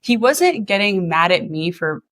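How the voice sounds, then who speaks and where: A woman's voice: medium pitch, sing-song, unhurried, fairly bright tone. A woman in her thirties, originally from New Jersey, hosting a podcast in casual, chatty conversation that is full of laughter. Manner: chatty, laughs often, many likes. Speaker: podcast host. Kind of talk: casual chat.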